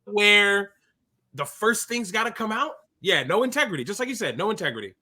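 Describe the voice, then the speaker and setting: A man in his thirties co-hosts a casual basketball podcast in a high-pitched, fairly quick voice. Animated and jokey, he gets distracted mid-talk during the sports chat.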